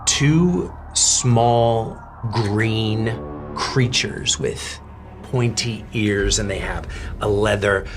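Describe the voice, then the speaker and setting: A man narrating a tabletop game as game master, telling the story dramatically with halting restarts. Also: fairly low pitch, music in the background.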